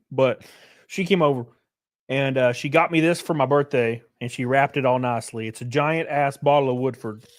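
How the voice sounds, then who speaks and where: A man chatting loosely on a live stream, swearing freely and thanking viewers by name. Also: medium pitch. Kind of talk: casual live-stream chat.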